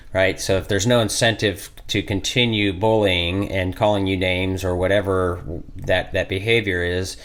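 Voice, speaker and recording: A man's voice: sits low, fairly bright tone. A middle-aged man hosting a podcast interview, talking conversationally and thinking aloud as he builds his questions. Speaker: podcast host.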